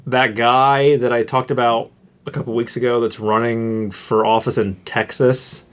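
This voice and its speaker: A man's voice: medium pitch, moderate pace. A young man co-hosting a podcast, chatting casually and ranting with mocking asides. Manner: animated, ranting, mocking voices in quotes. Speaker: podcast co-host. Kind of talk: casual chat.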